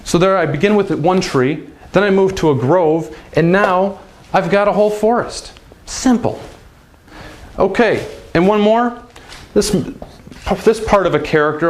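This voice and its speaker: A man with a slightly high voice gives a casual video lesson. He keeps it upbeat and chatty, talking straight to the viewer like a friendly teacher. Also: background noise. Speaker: language teacher.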